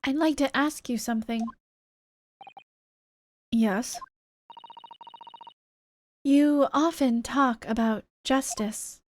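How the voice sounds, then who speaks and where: A woman's voice: sits high, takes it slowly, long pauses, a little hiss or hum. A woman voicing a young male defense lawyer in a game, asking pointed questions. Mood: probing. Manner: probing, questioning.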